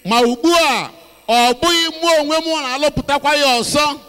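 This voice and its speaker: A man with an Igbo accent interpreting a sermon line by line, quick and forceful. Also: extremely high pitch. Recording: echoey hall.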